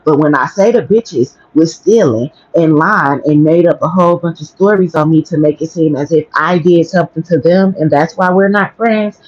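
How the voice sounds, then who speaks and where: A woman's voice: sits low, normal speed, few pauses, darkish tone, dry recording. A woman tells a story on her livestream in a blunt, profane way. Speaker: livestream host. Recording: dry, dull lo-fi stream audio.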